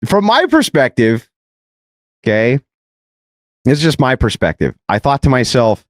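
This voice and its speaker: A man telling a debate story in an animated, mocking way, mimicking his opponent's voice and laughing often. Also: mid-range voice, a little slow, no room sound. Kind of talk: animated anecdote on a podcast clip.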